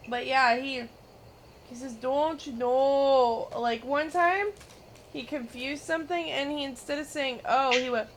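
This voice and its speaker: A woman streaming a game, chatting casually, giggling and teasing, breaking into loud mimicking bursts. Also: high voice, measured pace, a little hiss or hum.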